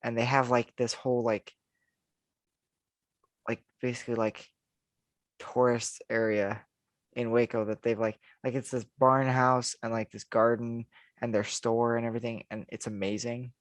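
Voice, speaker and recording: A man's voice: mid-range voice, level tone, normal speed, no echo. Rambling, giggly young-sounding podcast guy. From United States. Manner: rambling, lots of "like" and restarts, laughs often. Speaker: podcast co-host. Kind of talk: casual chat.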